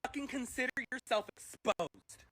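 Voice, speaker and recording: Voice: mid-range voice, normal speed, fairly bright tone, natural voice. A streamer reading as an indignant rude young woman. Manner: indignant, profane. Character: rude young woman on a date, self-proclaimed influencer.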